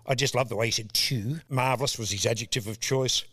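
An Australian man in his sixties telling stories as a guest, animated and often laughing. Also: medium pitch, brisk, breathy edge. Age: 60s. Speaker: guest, comedian. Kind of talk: casual storytelling interview.

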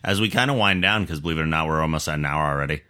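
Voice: extremely low pitch, rapid-fire, pushed and bright, smooth. A podcast host in a casual interview, mostly giving brief encouraging replies.

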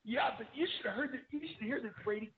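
A man's voice: very high voice, fast. A man calling in to a chat show, talking earnestly and rambling, over a tinny phone line. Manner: earnest, rambling, with restarts and fillers. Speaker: caller. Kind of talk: casual chat.

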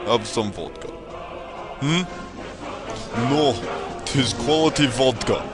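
A man's voice: medium pitch, slow, music in the background, lightly acted. A man voicing a boastful Russian Rubik's Cube champion with a put-on Russian accent and comic broken English. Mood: mock-boastful.

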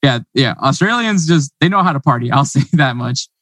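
A man from the United States hosting a casual interview, talking quickly, laughing often and repeating words as he goes. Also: medium pitch, lively intonation, a bit bright, no echo. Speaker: host.

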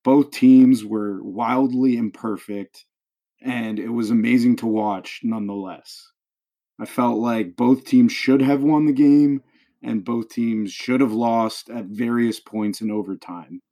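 Male podcast host, energetic sports talk, leans into drama. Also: medium pitch, takes it slowly. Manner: enthusiastic, dramatic storytelling.

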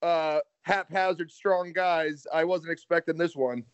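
A man's voice: on the high side, fairly even intonation, measured pace, smooth, no room sound. An American man on a phone call, wisecracking and swearing freely in casual chat. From United States. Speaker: phone guest. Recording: dull phone-call audio.

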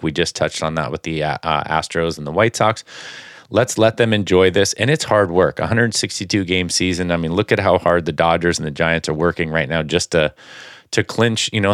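A man's voice: deep voice, fairly bright tone, no room sound, clean studio sound. A man co-hosting a sports podcast, chatting casually and rambling with many fillers and restarts.

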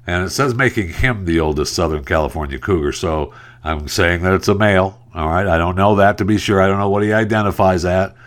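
Low-voiced, wry male talk host. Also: fairly quick, fairly bright tone. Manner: wry, rambling joke-telling. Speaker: radio host. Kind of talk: casual talk-show monologue.

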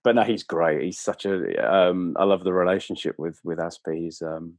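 Deep-voiced man telling stories. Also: normal speed, no echo. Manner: warm storyteller, frequent fillers and restarts. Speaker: club media presenter, guest. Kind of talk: casual anecdotal chat.

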